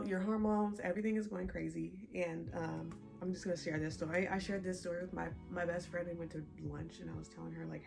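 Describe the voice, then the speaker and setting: A woman's voice: fairly low pitch, vocal fry. A young pregnant woman chatting casually to her viewers, laughing often as she tells a story. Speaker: vlogger. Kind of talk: casual chat.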